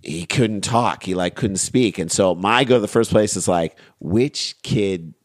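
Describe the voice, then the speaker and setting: A man's voice: fairly low pitch, normal speed, no room sound. A man co-hosting a podcast in casual, earnest chat, recorded on a close microphone. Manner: earnest, emotional when sharing a story. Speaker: podcast co-host.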